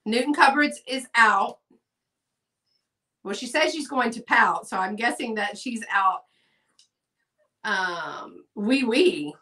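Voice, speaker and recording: A woman's voice: fairly high pitch, takes it slowly, long pauses, bright, forceful tone, distant mic. A chatty woman hosting a live sale stream, reading out bids and saying y'all. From Texas. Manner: chatty, says y'all, reads bids aloud. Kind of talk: live selling stream, casual chat.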